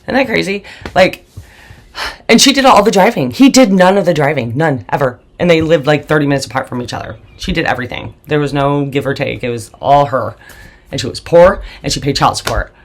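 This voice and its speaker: Gravelly woman telling her story bluntly. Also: low-pitched, brisk. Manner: blunt, swears often, emotional. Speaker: host. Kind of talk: candid personal storytelling.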